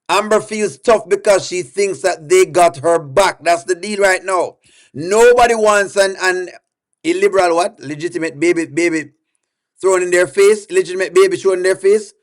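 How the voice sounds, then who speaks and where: A man's voice: high voice, normal speed. A man giving casual, emphatic reaction commentary, repeating himself and laughing often. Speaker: reaction video host.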